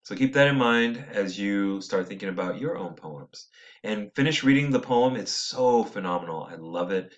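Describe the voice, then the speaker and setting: A man teaching a poetry lesson, reading lines slowly with stressed syllables and thinking aloud with small self-corrections. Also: lowish voice, expressive, muffled recording.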